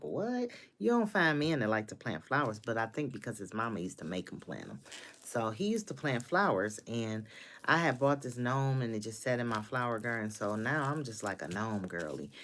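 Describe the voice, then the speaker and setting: A woman's voice: a bass voice, fairly bright tone, a little hiss or hum. A woman in her fifties chatting casually on a live stream from her home office, talking to viewers by name. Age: 50s. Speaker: livestream host.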